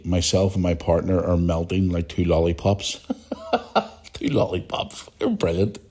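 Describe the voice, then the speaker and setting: Low-voiced, blunt Irish man. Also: mellow. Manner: blunt and outspoken, swears freely, chuckles often. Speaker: podcast host. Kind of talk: casual podcast chat reading listener messages.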